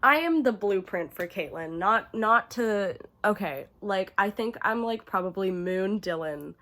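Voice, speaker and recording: A woman's voice: mid-range voice, lively intonation, unhurried, pushed and bright. A young woman giving casual, profane ranking commentary to camera, chatty and full of fillers, gushing about favorites. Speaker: horror video creator.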